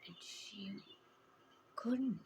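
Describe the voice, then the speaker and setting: A middle-aged woman telling a personal story in a vlog, raw and emotional, halting and often hushed. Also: medium pitch, a little hiss or hum, poor audio. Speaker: vlogger.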